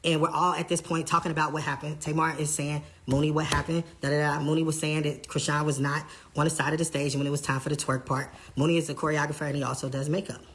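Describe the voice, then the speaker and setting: Brief: tour manager, mid-pitched voice, lively casual retelling, slips into quoting others. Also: quick pace, few pauses, a little hiss or hum. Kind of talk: casual storytelling.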